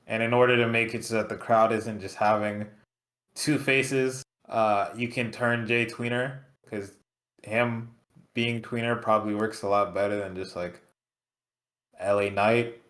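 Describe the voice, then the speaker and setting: Low-voiced man musing on wrestling. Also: fairly even intonation, unhurried, fairly bright tone. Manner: laid-back, profane, musing. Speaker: podcast co-host. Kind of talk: casual wrestling chat.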